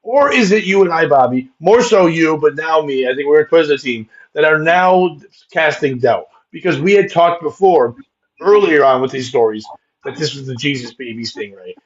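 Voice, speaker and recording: A man with a fairly high speaking pitch rambles through a profane comedy bit as podcast host, laughing as he goes. The sound is dull and lo-fi. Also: slightly rough. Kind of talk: casual comedic chat.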